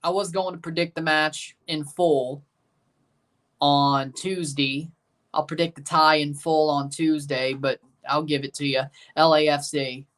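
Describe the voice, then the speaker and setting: A man's voice: fairly high pitch, little pitch movement, measured pace, a bit bright. A man hosting a livestream watchalong, chatting casually, reading viewers' comments aloud and reacting to a soccer match with sarcastic asides.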